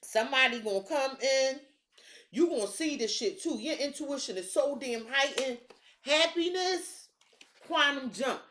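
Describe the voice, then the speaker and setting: A woman's voice: sits high, animated, unhurried, fairly bright tone, roomy sound, slight background noise. A woman giving a casual tarot reading in a hyped-up, blunt and profane manner. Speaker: tarot reader.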